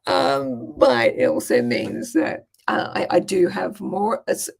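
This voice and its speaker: Brief: Australian woman, regional accent, relaxed chatty Q&A host, gravelly and husky. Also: mid-range voice, measured pace. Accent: Australian, regional Queensland. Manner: chatty, swears casually. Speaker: business coach hosting a Q&A. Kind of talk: casual live Q&A storytelling.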